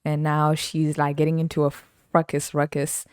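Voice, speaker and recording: A woman hosts a podcast with a low, mellow voice, laughing her way through a slangy, animated story. She is recorded close and dry. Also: moderate pace, clear, resonant tone, dry recording. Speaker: podcast host. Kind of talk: casual storytelling.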